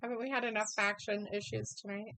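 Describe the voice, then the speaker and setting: Giggly woman reading chat on a live stream, bright tone, dry close sound. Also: medium pitch, little pitch movement, fast, no room sound, poor audio. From Idaho, USA. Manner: giggly, reads viewer comments aloud. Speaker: co-host reading chat comments. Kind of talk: casual live watch-along chat.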